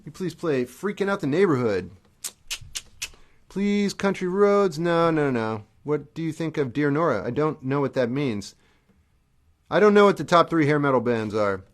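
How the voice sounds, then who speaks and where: A middle-aged man hosting a livestream reads out viewers' questions and tosses off short answers as he chats between songs. He speaks at normal speed in a voice on the high side with lively intonation, while an acoustic guitar plays in the background.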